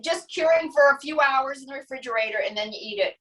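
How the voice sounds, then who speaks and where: High-voiced woman showing a recipe. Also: quick pace, recorded from a distance, rough recording. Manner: relaxed, explains step by step with many asides. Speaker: guest. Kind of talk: casual cooking demo chat.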